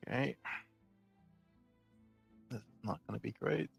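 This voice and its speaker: A man's voice: medium pitch, slow, gravelly, soft background music, low-quality recording. A man playing a tabletop game, speaking in a hesitant, stumbling way with many fillers. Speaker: player. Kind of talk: in-character tabletop chat.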